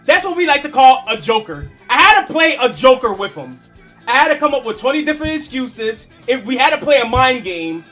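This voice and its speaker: A man with a very high, bright voice chats casually with his stream viewers, spinning a story in an animated, chuckling way and swearing freely. Faint game music plays under his talk. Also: a little fast.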